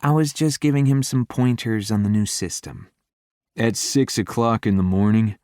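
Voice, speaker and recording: Sassy, teasing young woman with quick comebacks, read by a male narrator. Dry studio read. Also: lowish voice, a little mellow, dry recording, voice pushed up, close to an everyday voice.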